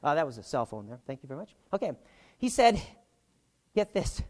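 Animated, punning Bible study teacher. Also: medium pitch, a little fast. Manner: animated, joking asides and puns; repeats key points for emphasis.

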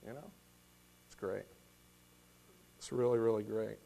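A middle-aged man preaching a conversational sermon, telling a personal story in a folksy way, often restarting and clearing his throat. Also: fairly low pitch, fairly even intonation, unhurried, dark tone. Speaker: lay preacher.

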